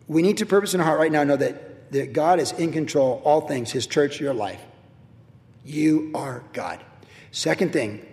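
A man's voice: on the high side, a little mellow, long reverb tail. A middle-aged man preaching a sermon as pastor, emphatic and repetitive as he drives home his points.

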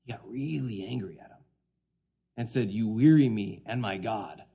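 A man preaching a sermon, swinging between hushed quoted lines and loud, emphatic points. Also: on the low side, normal speed, gravelly, husky, muffled recording.

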